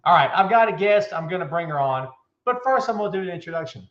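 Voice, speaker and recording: A man hosting a live show, loud, joking and hyped, talking from an office with a bare floor and a window. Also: high voice, lively intonation, quick pace. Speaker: show host. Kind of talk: live show, casual chat. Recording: echoey room, dull lo-fi sound.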